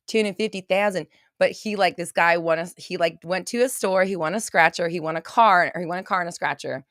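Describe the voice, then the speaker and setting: Reading out viewer comments on her laid-back livestream, this Californian mindset coach rambles chattily and is quick to laugh or gasp. Her voice sits on the low side with a slightly bright tone. Audio is dry and of studio quality.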